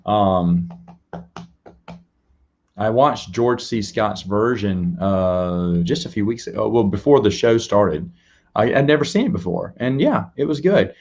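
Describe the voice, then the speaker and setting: A man's voice: lowish voice, animated, measured pace, darkish tone, highs cut off, a little hiss or hum. A man hosting a casual live stream, rambling, restarting his words and chatting directly with viewers. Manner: chats to viewers and reads out donations. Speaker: live-stream show host.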